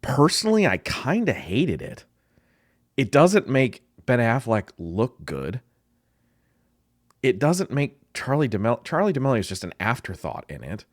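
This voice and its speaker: Man, marketing-prof reactor type, exasperated and blunt, pitch all over the place, dry close sound. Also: huge pitch swings, a little slow, no echo. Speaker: marketing professor reviewing ads. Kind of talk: ad reaction commentary.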